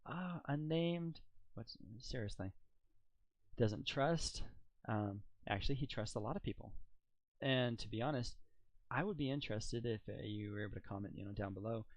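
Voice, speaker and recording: A man's voice: medium pitch, a little mellow, dry recording, low-quality recording. A man giving casual video commentary, rambling with fillers and mocking rhetorical questions. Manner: incredulous and mocking. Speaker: political commentator.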